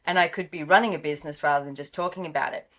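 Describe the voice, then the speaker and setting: Australian woman, lively storyteller, slightly low voice, remote interview. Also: racing. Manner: lively storyteller, acts out quoted dialogue. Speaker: guest, business author.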